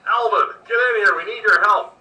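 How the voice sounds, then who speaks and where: A man voicing a big, gruff-voiced male adventurer who yells urgent commands. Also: high voice, fast, far from the mic, voice pushed up. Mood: urgent shouting. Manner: yelling commands.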